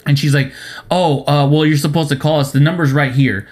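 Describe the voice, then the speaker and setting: A man's voice: on the high side, steady tone, brisk, darkish tone. Profane, ranting young man telling a story. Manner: profane, exasperated ranting with acted-out quotes. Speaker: podcast co-host. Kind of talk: casual storytelling chat.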